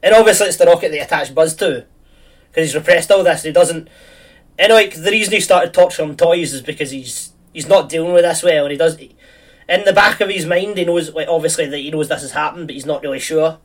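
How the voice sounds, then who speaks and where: A man's voice: fairly high pitch, fairly quick, far from the mic. A man chatting casually, rambling through a film plot with lots of fillers and restarts.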